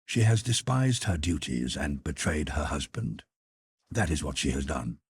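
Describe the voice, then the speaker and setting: A rigid, wounded husband speaking in clipped, formal phrases, his voice very deep and husky. A man voices him in a dry audiobook reading. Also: sing-song, unhurried, full character voice. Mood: cold. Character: cold, stiff, wounded middle-aged husband.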